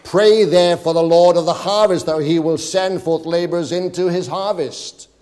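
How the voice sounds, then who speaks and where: A man's voice: on the high side, steady tone, normal speed, darkish tone. A male preacher exhorting a congregation, reading scripture aloud in King James wording and pleading with his listeners. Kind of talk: sermon. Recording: long hall reverb.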